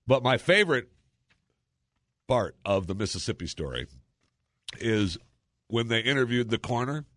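A man's voice: medium pitch, lively intonation, normal speed, a bit bright, dry recording. A man hosting a casual talk monologue, chatty and sarcastic, full of exclamations and asides. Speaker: talk show host.

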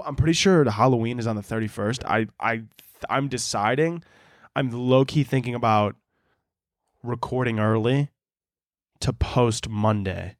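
A man's voice: on the low side, no echo. A man hosting a solo podcast, talking casually in a rambling, profane, joking way into a close mic. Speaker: podcast host.

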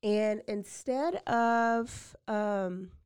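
A woman's voice: mid-range voice, extremely slow, clear, resonant tone. Chatty woman telling a crime story. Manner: chatty, animated retelling with acted quotes. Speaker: podcast host. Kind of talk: casual true-crime storytelling.

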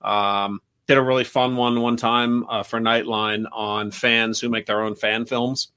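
An American man speaks as a guest on a casual podcast. He talks at a medium pitch and often stumbles and repeats words as he finds his thoughts. His tone stays relaxed and conversational. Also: unhurried, clean tone. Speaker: journalist guest.

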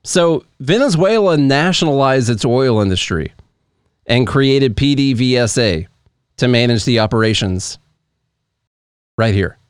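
A man's voice: medium pitch, lively intonation, unhurried, long pauses, clean tone, no room sound, clean studio sound. A man co-hosting a podcast in casual chat, reading news articles aloud and walking through a chart with offhand asides. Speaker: podcast co-host.

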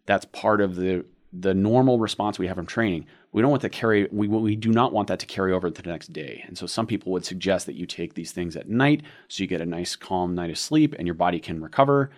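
A man's voice: deep voice, fairly quick, few pauses. A man co-hosting a podcast, explaining training ideas at length with rambling analogies. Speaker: podcast co-host. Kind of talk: casual podcast discussion.

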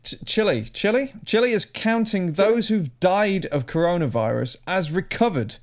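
A man's voice: high voice, lively intonation, normal speed. A young man hosting a casual chat, recounting odd news stories with stumbling restarts and laughs.

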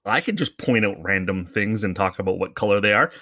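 A man's voice: on the low side, animated, brisk, sharp tone, no room sound, clean studio sound, full character voice. A man voicing a jealous grown man who mocks a kids' show host in an exaggerated, childish sing-song. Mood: mocking sing-song.

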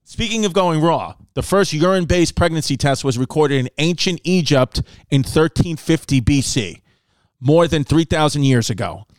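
A man hosting a comedy podcast, riffing crudely and loudly with lots of swearing and sudden put-on voices for others. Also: a little high, normal speed, no echo. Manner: loud, brash, swears a lot, animated voices for others.

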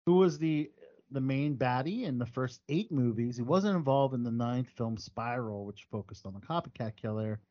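A man's voice: medium pitch, animated, normal speed, warm tone, dull audio. A man hosting a casual podcast, reading movie news and rambling with many ums and restarts. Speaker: podcast host.

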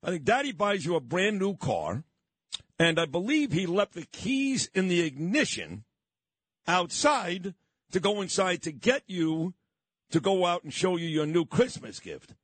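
A middle-aged man from Brooklyn, New York hosts a morning radio show, telling nostalgic stories in a casual chat. His voice sits high with a breathy edge, and he's very animated yet unhurried. There's no room sound.

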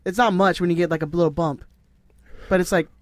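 A man's voice: sits high, steady tone, brisk, dry recording. A man co-hosting a casual sports podcast, rambling with restarts and swearing. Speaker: podcast co-host.

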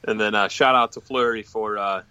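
A man hosting a casual sports talk show, chatting in a relaxed, joking way. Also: on the low side, fairly quick, clear, resonant tone, no echo. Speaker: podcast host.

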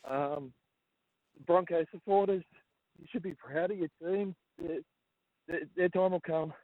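An Australian man calling a radio show, emotional and halting, repeating himself as he speaks. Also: on the high side, no room sound. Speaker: caller. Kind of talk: phone-in chat. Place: outdoors walking a dog. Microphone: phone. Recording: tinny phone line.

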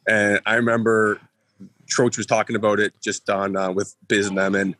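Halting low-voiced man remembering a friend. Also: little pitch movement, fairly bright tone. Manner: halting, many fillers, heartfelt. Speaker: former teammate. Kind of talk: personal remembrance.

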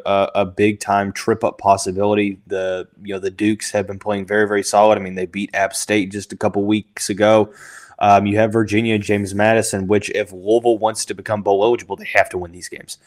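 A man hosting a sports podcast, thinking out loud with lots of fillers and restarts, who has the hiccups. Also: fairly low pitch. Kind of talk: casual sports analysis podcast.

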